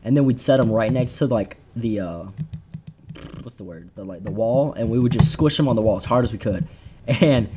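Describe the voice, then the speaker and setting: A man's voice: medium pitch, normal speed, noisy background. Laid-back young man, teasing banter. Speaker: podcast co-host. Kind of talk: casual chat.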